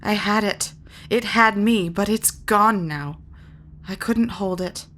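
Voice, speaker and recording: A proud, moody wandering magician, a man, talks in an earnest, clipped way, read by a woman near her own voice. The pitch sits mid-range, with only faint noise behind. This is a storybook voice. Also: slow pace, fairly bright tone. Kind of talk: audiobook character reading.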